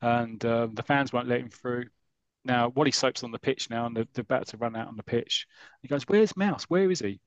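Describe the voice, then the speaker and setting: A man's voice: medium pitch, flat delivery, brisk, fairly bright tone, dry recording, dull audio. A man hosting a podcast, enthusiastically rambling through an old comic story. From United Kingdom. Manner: enthusiastic, rambling, acts out characters' lines. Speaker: podcast host. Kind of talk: casual chat, retelling a comic story.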